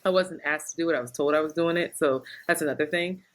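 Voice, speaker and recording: A woman's voice: low voice, fast talker. A woman co-hosting a casual podcast, telling a story with lots of laughter and acted-out quotes. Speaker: podcast co-host.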